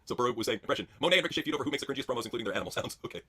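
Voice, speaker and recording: A man's voice: medium pitch, animated, very fast, pushed and bright, a little hiss or hum. A man streaming, casually reading out viewer prompts between improvised impressions. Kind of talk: casual chat.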